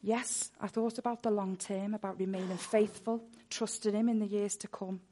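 A woman's voice: mid-range voice, steady tone, normal speed, warm tone, slight background noise. A woman preaching a sermon full of personal testimony, earnest, and she repeats words when she gets worked up.

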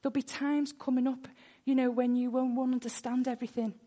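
A woman's voice: high-pitched, little pitch movement, fairly quick, mellow. A woman preaching a sermon full of personal testimony, earnest, and she repeats words when she gets worked up.

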